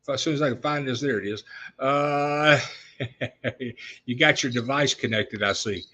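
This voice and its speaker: A man's voice: medium pitch, measured pace, sharp tone. A middle-aged man hosting a casual live-stream chat show from his workshop. He rambles, with lots of "uh" and restarts, and he keeps fighting off a cough. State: coughing spells. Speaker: show host.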